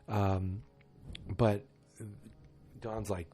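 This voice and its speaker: A man's voice: on the low side, lively intonation, moderate pace, warm tone, husky. A man hosting a casual solo podcast, retelling scenes and acting out the quotes with sarcastic asides. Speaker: podcast host.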